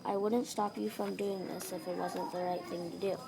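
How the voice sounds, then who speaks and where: A woman voicing a calm, clever young white sheep who speaks plainly and peacefully, gravelly and low, over a noisy home recording. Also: normal speed.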